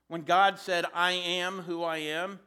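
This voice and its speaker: Bright-voiced, high-pitched male preacher. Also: little pitch movement, unhurried, clean tone. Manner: conversational, joking asides. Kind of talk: sermon.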